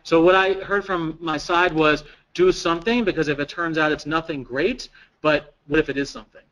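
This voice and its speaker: Man, fairly high voice, training lecture, quizzes the room, repeats answers back. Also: fairly even intonation, normal speed, a bit bright, rough recording. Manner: engaging, questions the audience and repeats their answers. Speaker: presenter at a staff training. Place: training room with a live audience.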